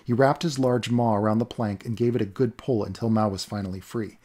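A man narrating a fantasy story in a steady, measured reading. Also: on the low side. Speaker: audiobook narrator.

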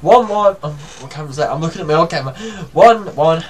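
Excitable young man calling his game. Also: fairly high pitch, fast talker. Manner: excitable, shouting and swearing at the game. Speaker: gamer. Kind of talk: live football video game commentary.

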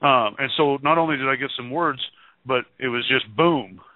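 A man tells a spiritual story on a call-in broadcast, eager and rambling, doubling back on his words. His voice is mid-pitched and comes through a thin, phone-like line. There is no room echo. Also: moderate pace. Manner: excited, rambling storyteller with many restarts. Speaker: call-in show co-host. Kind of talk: casual religious testimony. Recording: tinny phone-line radio sound.

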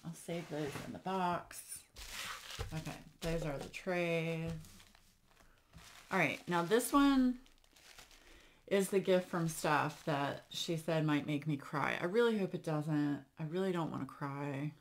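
A woman's voice: low-pitched, takes it slowly, a little hiss or hum. A woman, hosting a craft channel and gushing over gifts she unboxes for viewers, with frequent gasps. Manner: gushing, lots of gasps and exclamations.

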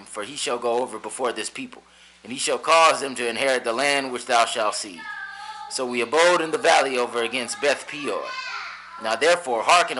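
A man reading scripture aloud in a steady, measured way. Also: medium pitch, slight background noise, rough recording. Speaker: scripture reader.

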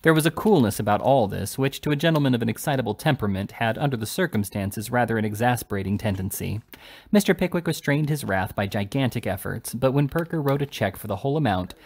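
A man reading a classic novel aloud in steady, even narration. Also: medium pitch, fast. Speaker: audiobook reader.

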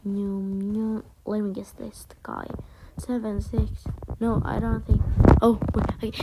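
A woman commenting on a mobile game as she plays, thinking aloud, often dropping to whispers and breaking into excited exclamations. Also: medium pitch, takes it slowly, very noisy. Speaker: gamer. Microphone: phone mic.

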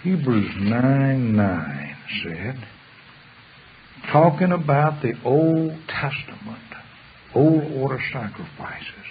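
Brief: male preacher, gravelly voice, reads verses then talks them through plainly, tinny lo-fi recording with faint hiss. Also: mid-range voice, animated, slow. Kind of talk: sermon with scripture reading. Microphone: pulpit microphone.

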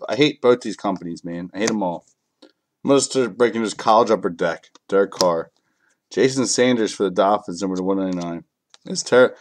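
Male card break host; frustrated, profane, mutters card names between complaints. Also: mid-range voice. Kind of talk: live card break commentary.

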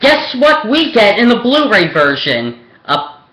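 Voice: mid-range voice, very animated, unhurried, bright, forceful tone. A young adult vlogger from Pennsylvania delivering a rambling, hesitant film rant full of ums and restarts. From Pennsylvania, USA. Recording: echoey room.

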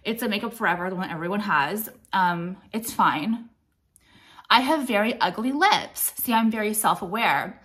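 A woman's voice: mid-range voice, expressive, normal speed, fairly bright tone. A woman in her late thirties, chatting through a makeup tutorial in a blunt, profane, rambling way, a little out of breath. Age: late 30s. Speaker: beauty vlogger. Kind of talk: casual makeup tutorial chat.

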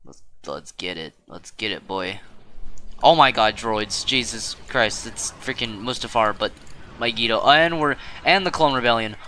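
A man giving casual gameplay commentary as a streamer, rambling, correcting himself and breaking into quick exclamations. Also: lowish voice, sharp tone. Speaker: gaming streamer.

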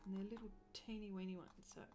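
A middle-aged woman chatting casually to viewers while she paints on a live stream, chatty and self-deprecating with bursts of excited laughter. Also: mid-range voice, fast talker, over music.

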